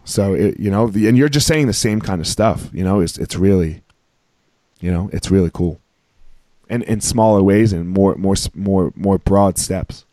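A man hosting a podcast, telling a story in a rambling, excitable way full of filler words and restarts. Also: sits low, normal speed, no echo. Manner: excitable, emphatic. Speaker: podcast host. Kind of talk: casual storytelling chat.

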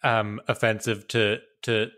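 A man's voice: on the low side, measured pace. Campy joking man podcast host. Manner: campy, joking, deadpan asides. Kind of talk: casual podcast chat.

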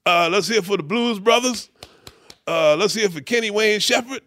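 A man putting on the voice of an older male soul star, announcing in a raised, higher showman's voice. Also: moderate pace, fairly bright tone. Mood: grand.

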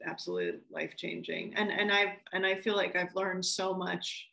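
In a casual interview, a woman film director gets animated and laughs while acting out what people told her. Her voice is lowish with vocal fry at a normal pace, and the low-quality recording has an echoey room sound.

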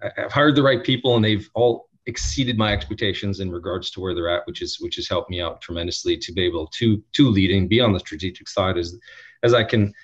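A man, an audit executive, answering interview questions in an earnest, emphatic way with many restarts and a husky voice. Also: low voice. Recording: dull lo-fi sound.

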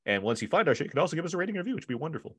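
Male podcast co-host, jokey and loose, animated pitch, dry close recording. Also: racing, slightly rough, no echo. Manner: jokey, laughs often, loose. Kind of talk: casual podcast chat.

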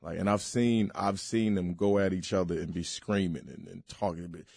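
A man's voice: sits low, steady tone, moderate pace, creaky, darkish tone, dry recording, studio quality. A man in his thirties from Virginia, a comedian chatting loosely in an interview, full of "like" and "you know". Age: 30s. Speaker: comedian guest. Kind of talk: casual interview chat.

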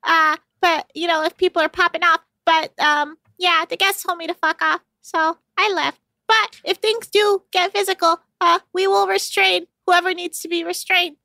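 A woman voicing a tiny, earnest male boat captain with a squeaky voice and stiff official phrasing. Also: fairly even intonation, normal speed, gravelly, bright, forceful tone, no echo, heavily acted. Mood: officious. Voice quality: squeaky, small-sounding. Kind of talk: comic podcast impression.

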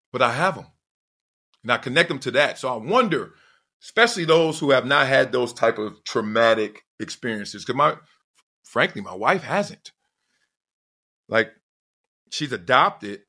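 A middle-aged man hosting a podcast, telling a personal story in an emphatic, digressive way with sudden loud whoops. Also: medium pitch. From Southern California. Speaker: podcast host.

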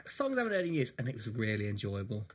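A man's voice: fairly low pitch, wildly swooping pitch, very fast, breathy edge. A man co-hosting a podcast in casual chat, teasing and asking curious questions. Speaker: podcast co-host.

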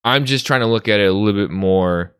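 A man casually discussing a movie with a friend, animated and swearing as he acts out scenes. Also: lowish voice, brisk, smooth, dry recording, studio quality.

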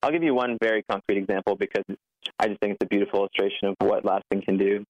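Earnest thirties founder, quick and self-correcting, heard over a muffled remote line. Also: male voice, on the low side, steady tone, no room sound. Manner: earnest, fast, full of restarts, acts out quoted voices. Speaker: app founder, guest. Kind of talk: remote interview conversation.

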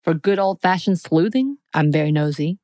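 A woman's voice: on the low side, lively intonation, dark tone, dry recording. A woman co-hosting a podcast, reading quiz questions aloud and joking along the way. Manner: playful, joking, reads options in quick lists. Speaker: podcast co-host.

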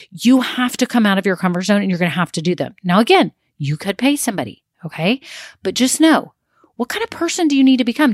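Woman, thirties, business coach, quick casual pep talk, dry close sound. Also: mid-range voice, no echo. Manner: direct, rapid, conversational, uses "like" often. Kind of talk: motivational talk to camera.

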